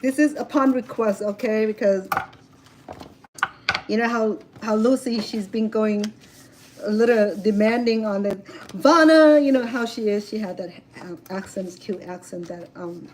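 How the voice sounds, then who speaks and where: A woman's voice: mid-range voice, measured pace, slight background noise, low-quality recording. Chatty woman cooking outdoors. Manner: chatty, animated storytelling with fillers. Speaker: cooking vlogger. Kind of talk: casual chat while cooking. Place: outdoors at a home grill.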